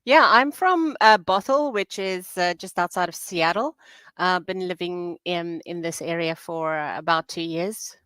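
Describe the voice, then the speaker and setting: South African woman co-host, lower voice, friendly, dry sound. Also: a little slow, a bit bright, smooth, no room sound. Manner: friendly, laughing, greets viewers. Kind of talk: casual livestream chat.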